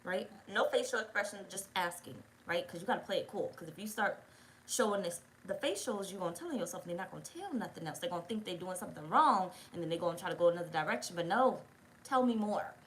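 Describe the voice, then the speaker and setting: Fast-talking, blunt, profane woman. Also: lowish voice, expressive, a bit bright, a little hiss or hum, low-quality recording. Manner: blunt, profane, rambling storytelling. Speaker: tarot reader. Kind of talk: casual story time.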